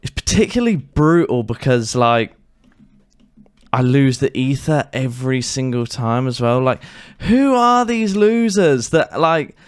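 Animated yet measured, this gaming YouTuber's mid-range, clean voice delivers casual gameplay commentary that keeps breaking into exasperated, profane rants.

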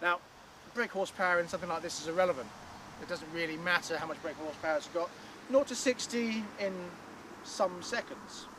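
A man's voice: sits high, brisk. A man presenting a light-hearted car review vlog, outdoors by the cars and behind the wheel. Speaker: car reviewer, show host. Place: outdoors by cars and inside a car while driving. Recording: distant mic with loud outdoor and road noise. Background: traffic and car noise.

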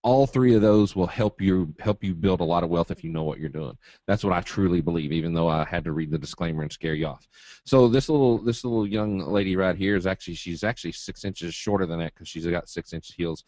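A man's voice: low-pitched, brisk, dark tone, dry recording. A man from Eastern Kentucky with a Southern drawl, presenting a live trading webinar in a folksy, joking, straight-talking way.

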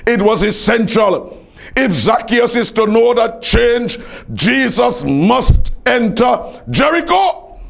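A man's voice: extremely high pitch, very animated, takes it slowly, creaky. A man preaching a sermon in an emphatic, repetitive cadence that climbs to rising peaks.

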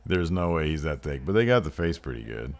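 A man's voice: a bass voice, very animated, a little fast. A man giving jokey, profane mock wrestling play-by-play while playing a video game. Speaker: gameplay commentator.

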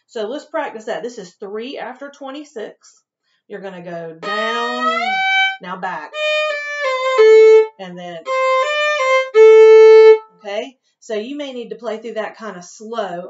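A woman teaching violin to her students, talking them through tricky passages in a patient, encouraging way and often checking in with "okay?". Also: mid-range voice. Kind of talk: instrument lesson, talking students through a piece. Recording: dull home recording with violin playing.

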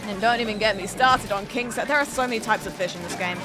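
A fast-talking woman of medium pitch giggles and swears her way through casual commentary as she streams a game. The audio quality is poor, and game music plays in the background.

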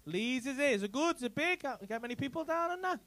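High, lively cheeky comedian on stage. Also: male voice, brisk. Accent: English. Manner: cheeky, teasing, sweary banter. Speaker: stand-up comedian doing crowd work. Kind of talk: live stand-up crowd work. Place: comedy club stage with audience. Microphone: handheld stage mic.

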